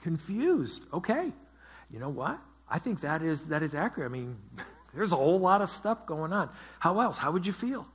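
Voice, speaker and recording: A man's voice: on the high side, sing-song, normal speed, breathy edge. A man teaching a Bible study as pastor, asking his group questions and repeating their answers. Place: church.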